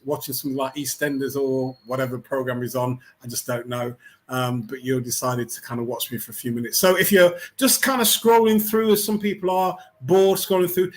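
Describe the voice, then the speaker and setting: A middle-aged man from England hosting a weekly online talk, speaking in a reflective, unhurried, conversational way with many fillers and restarts. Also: fairly high pitch. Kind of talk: reflective pastoral talk to camera.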